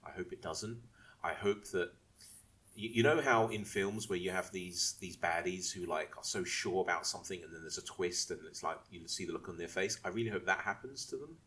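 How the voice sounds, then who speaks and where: A man with a very low voice, talking casually on a podcast. He rambles and restarts his sentences as he explains things to the other hosts. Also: a bit bright. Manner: rambling, restarts and asks if he may speak. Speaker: podcast co-host. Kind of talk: casual chat.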